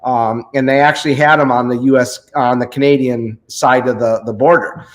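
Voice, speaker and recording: A man's voice: medium pitch, steady tone, normal speed, rough recording. A man hosting a casual chat, telling a rambling fishing story and often stopping to search for names. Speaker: host.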